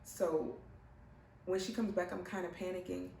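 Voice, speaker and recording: A young pregnant woman telling her own story in a casual, animated way, putting on other people's voices as she goes. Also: fairly low pitch, normal speed, vocal fry, slight background noise. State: heavily pregnant. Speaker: vlogger. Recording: roomy, mic at a distance, faint ambience.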